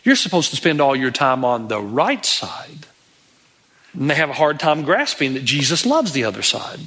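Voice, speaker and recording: Middle-aged man, pastor, animated sermon delivery, bright tone. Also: medium pitch, moderate pace, breathy edge. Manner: animated preaching, acts out pleading voices of Bible characters.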